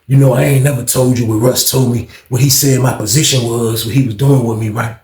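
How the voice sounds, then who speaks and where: A man voicing a stern, guarded male prison guard who talks in a low, hushed, cold warning tone. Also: fairly even intonation, a little fast, roomy sound, close to an everyday voice.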